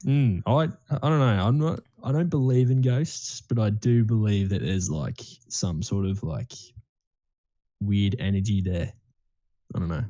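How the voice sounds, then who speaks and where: A man's voice: lowish voice, a little slow, mellow, dull audio. A young man, co-hosting a podcast in casual chat, rambling and swearing freely. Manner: rambling storytelling, swears freely, many fillers. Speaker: podcast co-host.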